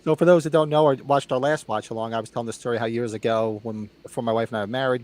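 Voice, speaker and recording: A man's voice: mid-range voice, darkish tone. A middle-aged man hosting a live movie watch-along, telling stories and acting out the people in them. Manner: chatty storyteller, acts out quoted exchanges. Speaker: host.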